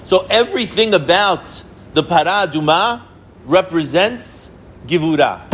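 Animated high-voiced man teaching a lesson. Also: normal speed, a little hiss or hum. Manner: animated, repeats words for emphasis, asks and answers his own questions. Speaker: rabbi teaching the weekly Torah portion. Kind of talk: informal Torah lesson.

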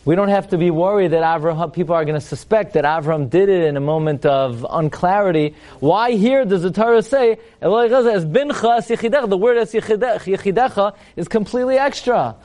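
A man's voice: sits high, a little fast, hardly any pauses, darkish tone. Wry man teaching a Torah class. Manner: rhetorical questions, wry humorous asides; chants Hebrew verses, then translates. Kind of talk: lecture to a live audience.

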